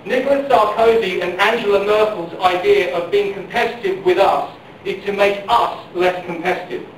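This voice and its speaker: A man's voice: high voice, steady tone, normal speed. A middle-aged man giving an impassioned political speech at a public forum, repeating questions and phrases for emphasis. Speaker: campaign speaker at a public forum. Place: large public hall during a power failure. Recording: very echoey hall, picked up from far off, faint noise.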